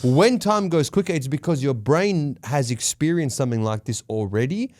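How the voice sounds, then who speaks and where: A young man, co-hosting a casual chat, excitable, quick to laugh and eager to share facts. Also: mid-range voice. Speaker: podcast co-host.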